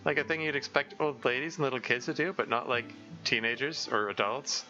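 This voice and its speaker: A man reading a shy, self-conscious teenage schoolgirl aloud, hesitant and halting. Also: mid-range voice, pushed and bright, lo-fi sound, soft background music, natural voice. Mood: bashful.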